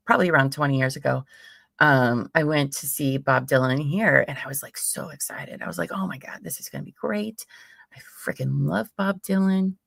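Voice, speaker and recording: A woman in her late thirties hosts a live stream in a loose, rambling chat full of laughter. Her voice sits low with a gravelly edge. The sound is dry and close, with no room around it. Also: a bit bright, dry recording. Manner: chatty, laughs often, rambling asides. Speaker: livestream host.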